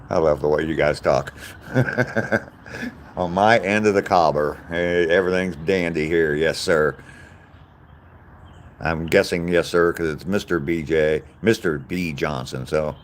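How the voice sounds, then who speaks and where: A man with a bass voice speaks slowly, pausing often, over a faint hiss or hum. He's an older Southerner chatting plainly with viewers on a live stream and answering their comments directly in casual conversation.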